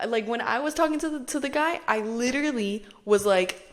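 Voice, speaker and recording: A woman's voice: fairly high pitch, normal speed, few pauses. A young woman hosting a podcast, talking casually and chattily, with lots of "like" fillers and the odd swear. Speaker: podcast host.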